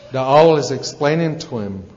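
A man's voice: medium pitch, expressive, normal speed, darkish tone. A man speaking at a recovery meeting, telling a folksy story in a casual, rambling way with fillers and asides. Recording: echoey hall, dull lo-fi sound.

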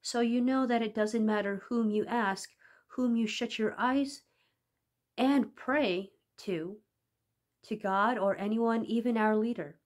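A smooth, honeyed teacher figure who keeps her voice soft and reasonable while steering the children, voiced by a woman reading a story. Her tone stays even and sure of herself. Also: a little high, slow pace. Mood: persuasive. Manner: sweet, coaxing, persuasive. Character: smooth-talking manipulative young female teacher.

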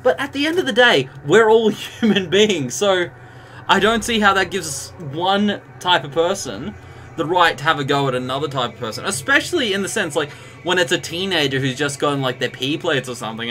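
A man's voice: on the high side, lively intonation, brisk, sharp tone. A young Australian man streaming a game live, chatting and ranting in a casual, storytelling way. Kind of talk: live gameplay commentary. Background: game music.

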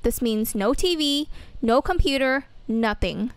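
A woman's voice: sits high, expressive, a little slow, clean tone, no room sound. A woman voicing a strict mother who scolds firmly. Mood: stern. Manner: firm, scolding. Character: stern strict mother of a teen.

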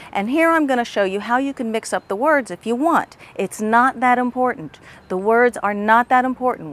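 A woman teaching an emotional tapping technique, patiently repeating the practice phrases aloud as she demonstrates. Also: medium pitch. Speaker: tapping instructor. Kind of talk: instructional demonstration.

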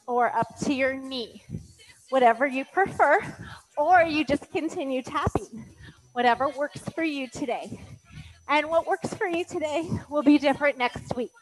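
A woman's voice: high-pitched, low-quality recording. A woman fitness instructor calling out moves in an exercise class, encouraging and counting, a little out of breath.

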